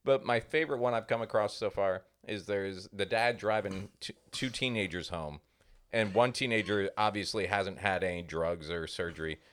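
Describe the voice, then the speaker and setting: A man co-hosting a comedy podcast, telling stories in a casual, animated way and acting out other people's voices. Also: fairly low pitch, moderate pace. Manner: animated storyteller, acts out voices. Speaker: podcast co-host.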